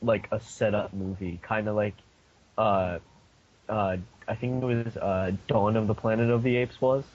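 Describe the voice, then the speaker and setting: A young man chatting on a podcast, halting and full of fillers as he works out his thoughts. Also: on the low side, steady tone, darkish tone, muffled recording. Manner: halting, lots of fillers and likes. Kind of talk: casual chat.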